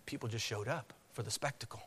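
A man's voice: mid-range voice, fast, fairly bright tone, slight background noise. A man preaching a sermon on a scripture passage, acting out crowd chants. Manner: dramatic, acts out crowd chants. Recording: long hall reverb.

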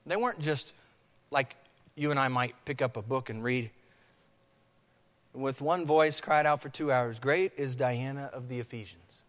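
A man's voice: medium pitch, a little slow, pauses often, a bit bright. A man preaching a sermon on a scripture passage, acting out crowd chants. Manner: dramatic, acts out crowd chants. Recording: long hall reverb.

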